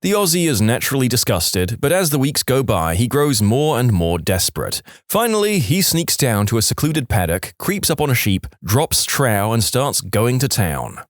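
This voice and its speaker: A man's voice: medium pitch, normal speed, few pauses, no room sound, clean studio sound. A man reading a string of jokes aloud as a storyteller, voicing the characters as he goes. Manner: lively, voices the characters. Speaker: joke storyteller.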